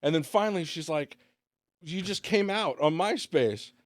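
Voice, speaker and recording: A man's voice: on the high side, animated, moderate pace, no echo, clean studio sound. A man who is a guest on a casual podcast, telling stories in a laid-back way and swearing a lot. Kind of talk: casual chat, storytelling.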